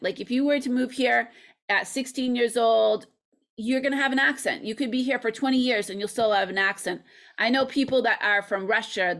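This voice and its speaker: An American English teacher and channel creator talks through ideas in a casual video-call interview. Her voice is on the high side and a bit bright, and she comes across as thoughtful and chatty, with frequent ums.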